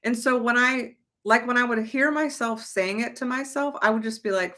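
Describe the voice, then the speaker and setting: A woman's voice: fairly high pitch, normal speed, few pauses, bright, forceful tone. A young adult woman giving a casual, emphatic motivational talk as a manifestation coach, chatty and swearing lightly.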